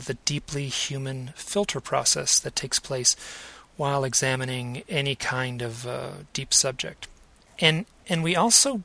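Measured, hesitant man with a gravelly voice. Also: mid-range voice, pushed and bright. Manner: measured, cautious, with frequent hesitations and restarts. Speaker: podcast host. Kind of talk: reflective spoken introduction.

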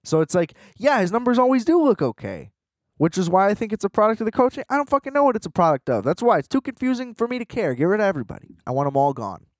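A man's voice: high-pitched, big pitch swings, fast talker, dry recording, studio quality. A man hosting a sports podcast, ranting in a frustrated, profane, rambling way with many fillers. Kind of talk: casual sports rant.

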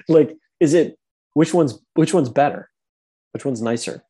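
Mellow-voiced young man chatting on a podcast. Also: on the high side, expressive, takes it slowly, slightly rough. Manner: chatty, laughs easily, restarts sentences. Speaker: podcast co-host. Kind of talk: casual chat. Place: home, remote call.

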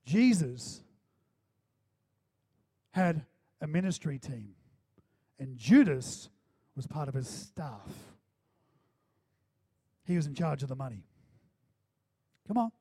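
A male pastor preaching in a church, his voice sitting high for a man. He talks to the room conversationally and punches his points with rhetorical questions. It's a lively, building sermon delivery. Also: slow, pauses often, slightly rough. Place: church hall.

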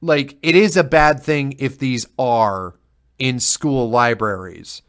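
A man co-hosting a casual political chat podcast, retelling his arguments with heated, animated energy. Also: mid-range voice, slow. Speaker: podcast co-host.

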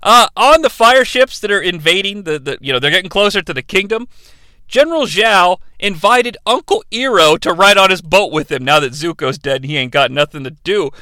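A man's voice: high voice, animated, brisk, bright, forceful tone, smooth, dry recording. A man hosting a podcast, recapping a film in a sarcastic, rambling and profane way. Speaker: podcast host reviewing a film. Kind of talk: casual comedic film recap.

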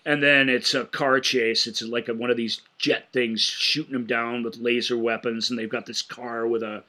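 Male podcast co-host, bright tone, eager and excitable, trips over his words when excited. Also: mid-range voice, moderate pace. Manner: enthusiastic, animated retelling with frequent stammered restarts. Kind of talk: casual film-discussion podcast chat.

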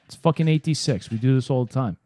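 A man co-hosting a tabletop game podcast, talking in casual banter, animated and mock-exasperated, swearing freely. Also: mid-range voice, fast talker. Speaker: podcast co-host and game master.

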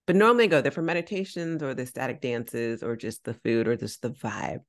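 A woman co-hosting a podcast, telling a personal story in a casual, animated way, acting out quoted dialogue and using slang. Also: rumbling low, fairly quick. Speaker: podcast co-host.

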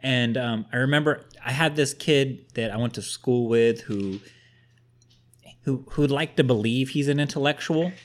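A man's voice: medium pitch, normal speed. A man co-hosting a casual podcast, telling rambling stories with plenty of swearing. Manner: rambling, profane storyteller. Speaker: podcast co-host.

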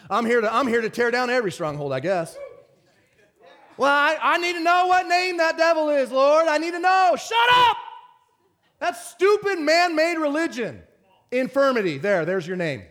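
A man preaching a lively sermon as pastor, swinging from loud bursts to hushed whispers. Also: high voice.

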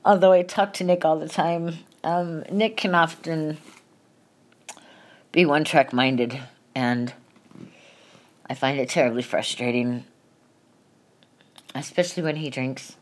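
A woman's voice: low-pitched, steady tone, measured pace, pauses often. A middle-aged woman hosting a podcast, telling a painful family story in a candid, emotional way and swearing freely. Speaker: podcast host. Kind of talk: personal confessional monologue.

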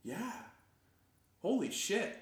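A young man co-hosting a podcast, chatting casually, excitable, laughing often and swearing. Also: high-pitched, very slow, echoey room. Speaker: podcast co-host. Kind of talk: casual chat.

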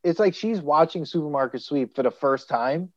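A young man co-hosting a podcast tells stories in casual chat, acting out the quotes with animated energy. His voice sits on the high side at a moderate pace, and the audio is dull with no echo.

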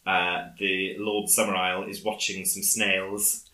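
A man casually recapping a film on a podcast, halting often with fillers as he retells scenes. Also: deep voice, little pitch movement, pushed and bright, roomy sound, low-quality recording. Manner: rambling, halting with many fillers. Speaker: podcast co-host.

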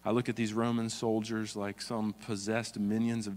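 Pastor preaching, earnest, reads scripture, long hall echo. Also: male voice, lowish voice, flat delivery, moderate pace, hardly any pauses, a little mellow. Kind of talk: sermon.

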